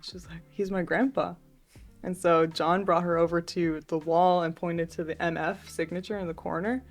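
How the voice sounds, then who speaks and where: A young woman artist, a podcast guest, telling stories in a chatty, relaxed way with many fillers. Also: lowish voice, normal speed, faint music behind. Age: young adult. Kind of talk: casual interview storytelling.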